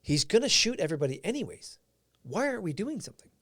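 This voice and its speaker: A man's voice: high-pitched, sing-song, fast, sharp tone, dry recording, clean studio sound. A man whose first language is Portuguese, hosting a live stream and giving an earnest, reflective motivational talk while answering viewers' comments.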